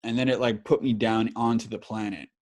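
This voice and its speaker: A man's voice: fairly low pitch, a little fast. A man in his thirties hosting a podcast, telling a story in casual chat full of swearing and fillers. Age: 30s. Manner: animated, swears a lot, many fillers. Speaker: podcast host.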